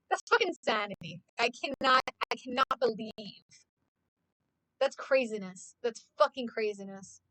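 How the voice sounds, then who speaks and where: Bright, high-voiced woman ranting. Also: dry recording, poor audio. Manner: swears constantly, ranting and exasperated. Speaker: streamer. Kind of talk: casual ranting chat.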